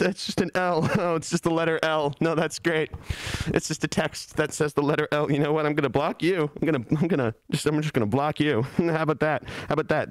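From a beanbag in his office, a male streamer chats casually, playing up a self-pitying, mock-gloomy routine and cracking into laughter. He has a fairly high pitch, with no room sound.

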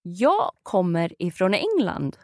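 A Swedish woman with a Swedish accent teaching her native language, encouraging the learner and saying words clearly for him to copy. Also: fairly low pitch, very animated, slow, no room sound, studio quality. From Sweden. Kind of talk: conversational language lesson.

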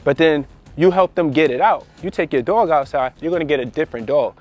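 A man's voice: on the high side, fairly quick. A man working as a dog trainer, talking casually to the camera while training his dog, repeating phrases and tagging on "all right" and "you know" as he goes. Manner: gives short commands to his dog. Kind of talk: casual instructional talk to camera.

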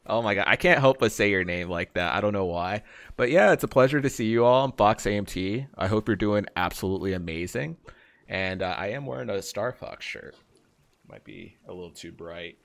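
A man's voice: on the low side, normal speed, gravelly. A young man live-streaming a game, chatting casually and rambling to his viewers, greeting them by name.

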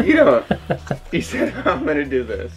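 A man's voice: on the high side, wildly swooping pitch, moderate pace. A man from Canada playing a game show as a contestant, joking and laughing along. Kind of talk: casual game show banter.

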